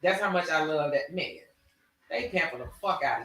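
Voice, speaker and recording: Animated slangy guy chatting, high bright voice, echoey room. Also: moderate pace, creaky, distant mic. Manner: animated, drawling storyteller with Southern slang. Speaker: podcast host. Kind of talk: casual chat.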